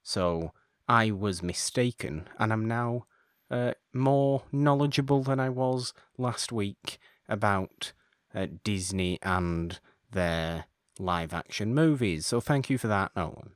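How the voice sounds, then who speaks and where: A man's voice: on the low side, expressive, slow pace, clean tone, no room sound, studio quality. A man hosting a casual podcast chat, rambling and correcting himself as he talks, with frequent chuckles. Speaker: podcast host.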